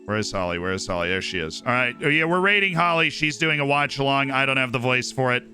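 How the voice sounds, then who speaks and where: A man's voice: mid-range voice, lively intonation, quick pace, sharp tone, faint music behind. A man streamer giving casual, upbeat commentary on his game and thanking viewers by name. He is tired and his voice is starting to go.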